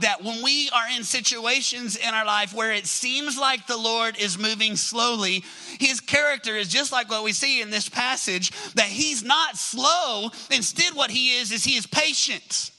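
Bright-voiced high-pitched male preacher. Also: low-quality recording. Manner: conversational preaching, rhetorical questions to the congregation. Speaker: pastor. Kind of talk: sermon.

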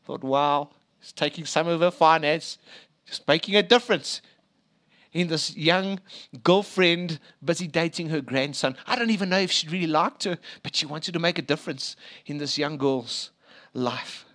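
Pastor, male, high voice, storytelling sermon with emphatic swings. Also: moderate pace. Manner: storytelling with emphatic rising and hushed drops.

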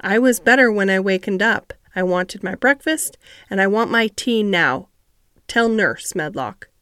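Woman reading a frail, demanding young boy; low-key, soft, dry. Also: a little slow, clear, resonant tone, no echo, natural voice. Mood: imperious. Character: sickly imperious ten-year-old boy.

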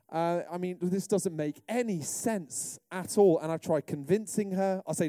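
A middle-aged British man preaching a sermon, telling humorous stories in a lively way. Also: sits high, normal speed, few pauses, no room sound, clean studio sound. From Britain. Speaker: pastor.

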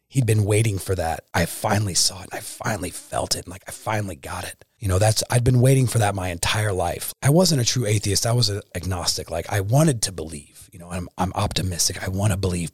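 A young man telling his own story as a personal testimony, candid and halting, filling his speech with "like" and turning quiet and earnest. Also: lowish voice, husky, no echo, clean studio sound.

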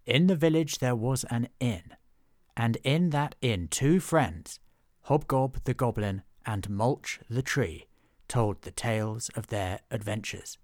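A man who writes and narrates his own storybook series, reading in a measured storytelling cadence. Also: medium pitch, expressive, a little mellow. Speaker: author and narrator.

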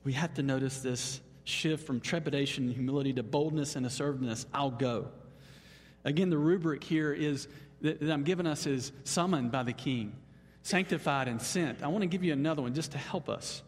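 A man pastor preaching a Sunday sermon in an animated, emphatic way. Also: fairly quick, husky. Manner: animated, emphatic, leaps up in pitch on exclamations. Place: church sanctuary. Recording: long hall reverb.

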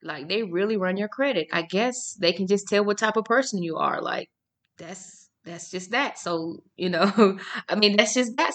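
A woman's voice: mid-range voice, a bit bright. A woman in her thirties hosting a casual solo podcast, chatty and informal, often repeating her words for emphasis. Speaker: podcast host.

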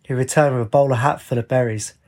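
A man narrating a story in a steady, plain reading voice. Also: medium pitch, fast.

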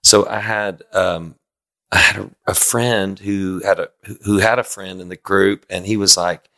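A man in his fifties with a bright, forceful tone that sits a little low. He tells long, rambling stories with quick asides, chatting casually as a podcast guest. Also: steady tone, creaky. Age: 50s. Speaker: podcast guest, worship singer. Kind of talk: casual conversation.

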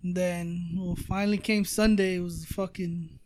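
A man's voice: sits high, steady tone, moderate pace, darkish tone, no room sound. A man telling a travel story in casual podcast chat, rambling with lots of fillers and swearing. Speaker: storyteller guest.

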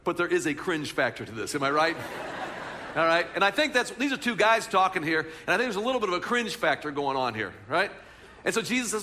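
High, bright-voiced pastor preaching. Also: male voice, brisk. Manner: animated storytelling, talks to the congregation. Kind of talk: sermon.

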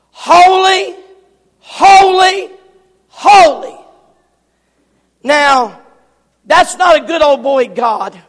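A man preaching a sermon, often shouting and repeating words for emphasis. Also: very high-pitched. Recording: long hall reverb.

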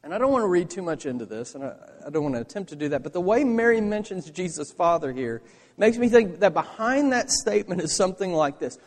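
A male pastor preaching a sermon, swinging between emphatic lines and hushed asides. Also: high voice, expressive, fast talker, big-room sound.

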